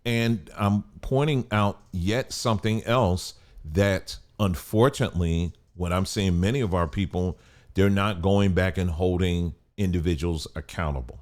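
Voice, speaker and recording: A man hosting his own channel, talking to camera in a halting, cautious way with many fillers and restarts. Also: low-pitched, darkish tone. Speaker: channel host. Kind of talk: casual commentary to camera.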